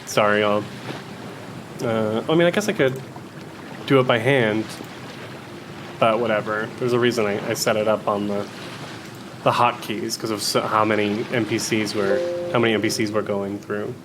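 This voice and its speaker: A man's voice: lowish voice, flat delivery, moderate pace, background noise. A man narrating a solo tabletop game as game master, rambling with many restarts.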